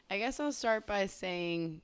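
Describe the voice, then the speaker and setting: A woman's voice: medium pitch, clear, resonant tone, no room sound. A young woman with a Southern accent hosting her podcast in a casual, giggly, self-mocking chat while sick with covid. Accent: Southern American. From Southern United States. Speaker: podcast host. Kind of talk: casual chatty monologue.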